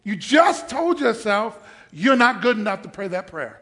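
High-voiced man preaching with rising shouts. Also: big pitch swings, a little slow. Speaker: pastor. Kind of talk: sermon. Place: church.

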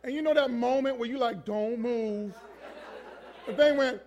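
High-voiced animated male preacher. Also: fast, highs cut off. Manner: animated, acts out voices and screams, repeats "and" in bursts. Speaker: pastor. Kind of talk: comic sermon storytelling. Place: church before a congregation.

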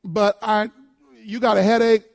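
A man preaching a sermon, calling out to his congregation and swinging between loud declarations and hushed asides. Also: high-pitched, little pitch movement, unhurried, creaky.

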